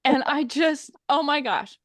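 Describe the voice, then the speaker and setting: Brief: high, bright woman, lively laughing storyteller, dry close sound on a call. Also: a little slow, no room sound. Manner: animated storyteller, laughs often. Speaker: guest, courage coach. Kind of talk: telling a funny story on a video call. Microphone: video call.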